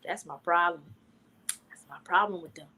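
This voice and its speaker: A woman's voice: on the low side, moderate pace, a little hiss or hum. A woman co-hosting a podcast, telling stories in loose, slangy, casual chat. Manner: loose slangy storytelling, animated gossip. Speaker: podcast co-host.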